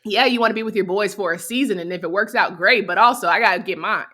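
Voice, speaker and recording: A woman with a bright, sharp voice chatting casually about sports on a podcast. Her talk is loose and slangy, full of quick agreeing asides. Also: mid-range voice.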